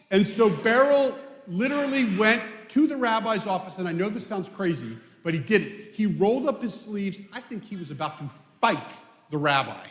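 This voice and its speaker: Playful man telling a children's story, high and lively; echoey hall. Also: moderate pace. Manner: playful, chatty, talks with the audience. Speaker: storyteller at a children's family service. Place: synagogue sanctuary.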